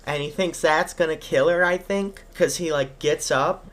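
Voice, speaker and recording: A man's voice: on the high side, moderate pace, a bit bright. A man appearing as a podcast guest, casually retelling a film's plot with lots of fillers and acted-out quotes. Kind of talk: casual film recap chat.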